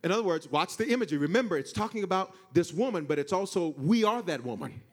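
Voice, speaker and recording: A male pastor preaching a sermon, calling on the congregation to answer and touch their neighbor, swinging between shouts and hushed asides. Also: sits high, fast. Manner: animated, swings from shouting to hushed, acts out God's voice; call-and-response with congregation.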